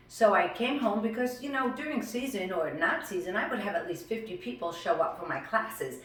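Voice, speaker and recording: A woman over fifty talks excitedly in her home kitchen, bursting into exclamations. Her voice sits a bit away from the mic, in an echoey room. Her pitch is middling for a woman. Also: fairly quick, hardly any pauses, far from the mic. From United States. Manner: chatty and effusive, animated exclamations. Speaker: fitness instructor. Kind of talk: casual cooking vlog chat.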